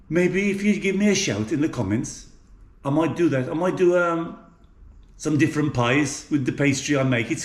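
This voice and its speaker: In an echoey home kitchen, a middle-aged man from England with an English accent keeps up casual vlog chatter about cooking. His voice runs on the high side, and he often restarts and fills gaps with filler words.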